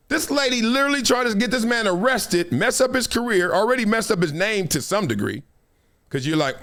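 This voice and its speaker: A man's voice: sits high, fairly quick. A man hosting a show, telling a story in a casual, slangy way, with repeated phrases and voices for the people he quotes. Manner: animated, acts out quotes in voices. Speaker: show host.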